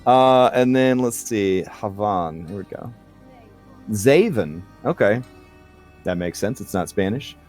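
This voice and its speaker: Chatty low-voiced game master man. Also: lively intonation, slow pace, darkish tone, faint music behind. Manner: chatty, many fillers and asides. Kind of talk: narrating a tabletop game.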